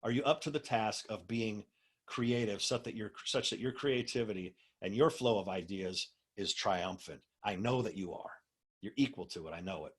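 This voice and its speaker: A man's voice: fairly low pitch, normal speed, slightly rough. A man, a minister, teaching a spiritual class over a video call, stressing key words and putting questions to his listeners. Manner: asks the listeners rhetorical questions.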